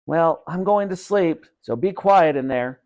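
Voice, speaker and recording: A man voicing a tired father who scolds loudly through a wall. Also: fairly high pitch, lively intonation, unhurried, voice pushed up. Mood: scolding. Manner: loud, scolding.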